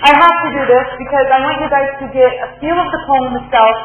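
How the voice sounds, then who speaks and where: A woman's voice: high voice, fast, narrow, tinny audio. A woman university lecturer teaching a literature class, explaining step by step, repeating points and checking in with her students. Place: lecture hall. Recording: very echoey lecture hall with long reverb.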